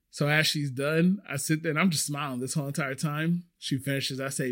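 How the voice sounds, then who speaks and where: Male podcast host, animated storyteller, pitch a touch on the high side. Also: normal speed, few pauses. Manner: animated, acts out the voices of people in his stories. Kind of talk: casual storytelling.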